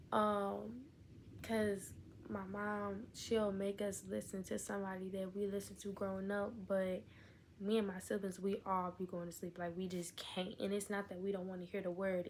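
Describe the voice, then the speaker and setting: A young woman talking straight to her viewers in a loose, rambling vlog, full of asides and "you know what I'm saying." Her pitch sits in a middle range for a woman. Faint background noise sits under the recording. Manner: rambling, candid and talkative, with fillers and asides. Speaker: vlogger. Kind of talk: casual chat.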